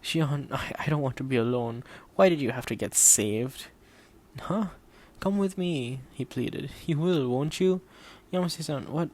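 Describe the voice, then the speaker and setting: Gravelly male audiobook narrator. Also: medium pitch, moderate pace, few pauses, darkish tone.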